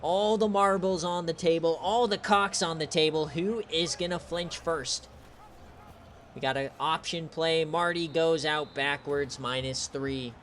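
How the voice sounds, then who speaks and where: A man giving excitable, profane play-by-play of a streamed online football game, his voice strained from shouting. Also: slight background noise. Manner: swings from shouted calls to low, relaxed chatter. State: straining voice, says he is losing it.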